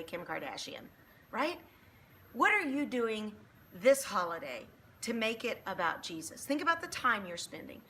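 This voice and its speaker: Bright-voiced woman giving an emphatic faith talk. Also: mid-range voice, a little hiss or hum. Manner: emphatic, preachy, animated storytelling. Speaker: Christian motivational speaker. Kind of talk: faith-based motivational talk.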